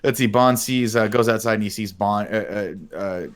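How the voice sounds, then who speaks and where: A man's voice: fairly low pitch, normal speed, clean tone. A man hosting a casual podcast who recaps a film in a rambling, profane way and acts out the characters' lines. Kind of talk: casual chat.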